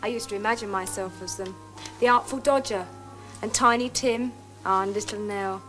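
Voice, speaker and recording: A woman's voice: medium pitch, normal speed, fairly bright tone, faint music behind. A young English woman in her twenties, a guest in scripted comedy banter, with a breezy, faux-naive delivery.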